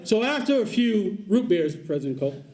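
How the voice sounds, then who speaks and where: A guest speaker at a community celebration tells a personal story, tossing joking asides to the audience and repeating his main points. His voice sits high and is very animated, a little fast, with a crowd audible in the background.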